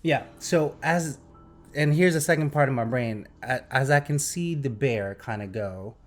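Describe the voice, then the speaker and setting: Excitable man telling a story. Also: mid-range voice, a little slow, faint music behind. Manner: animated, excitable storytelling with vivid sound effects. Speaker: podcast host. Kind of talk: casual storytelling chat.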